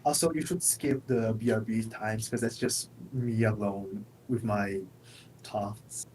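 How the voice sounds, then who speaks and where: A man's voice: lowish voice, fairly even intonation, measured pace, a little mellow, poor audio. Young male co-host, casual, dry delivery, slight background noise on his mic. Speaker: stream co-host. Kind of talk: casual stream chat.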